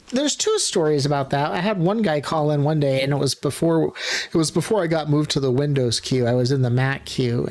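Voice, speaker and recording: A live stream host casually telling rambling, profane anecdotes about past call center work, with frequent restarts. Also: medium pitch. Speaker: livestream host; former tech support worker.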